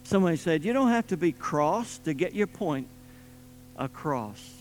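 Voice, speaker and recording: A man preaching a sermon with emphatic delivery, swinging between loud stressed points and quiet low asides. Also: lively intonation, normal speed, soft background music, poor audio.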